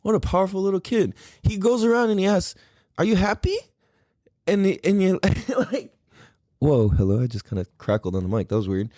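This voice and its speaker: A man in his thirties hosting a podcast, talking in an excitable, rambling way and swearing freely. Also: high-pitched, fairly quick, no room sound, clean studio sound. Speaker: podcast host. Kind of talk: casual solo podcast talk.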